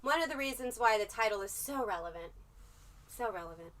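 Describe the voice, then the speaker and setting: A woman with a high, bright, cutting voice chats loosely on a livestream, swearing freely and rambling from one story to the next. She sits a little back from the mic, so her voice sounds set at a distance. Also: fast talker. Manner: profane, rambling, animated storytelling. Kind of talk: casual livestream chat.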